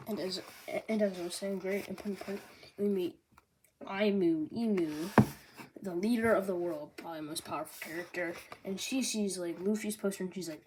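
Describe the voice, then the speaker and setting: A woman's voice: on the low side, animated, normal speed. A young woman reviewing a manga volume in casual chat, bubbly and full of fillers and jokey asides. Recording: noisy home recording.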